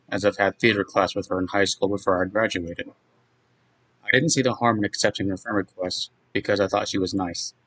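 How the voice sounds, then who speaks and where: A man in his twenties reading his own personal account in a measured, reflective way. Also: on the low side, a bit bright, rough recording. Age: 20s. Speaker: guest narrator telling his own story.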